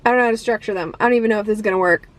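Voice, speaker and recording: A woman's voice: mid-range voice, rapid-fire. A woman ranting casually about a film she hated, rambling through fillers and restarts, swearing freely and laughing often. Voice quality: profane, exasperated, laughs often. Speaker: movie reviewer. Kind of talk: casual ranting movie review.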